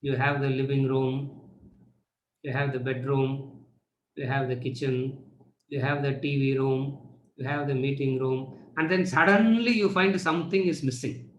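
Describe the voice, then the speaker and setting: A spiritual teacher lectures his students in an echoey room, his medium-pitched voice steady and a little slow. He keeps posing rhetorical questions and then answering them himself.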